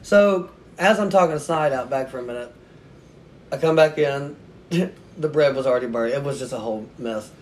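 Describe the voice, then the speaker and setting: A man's voice: medium pitch, moderate pace, a little hiss or hum. Self-mocking man telling a story. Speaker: podcast guest, author. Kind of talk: casual podcast chat.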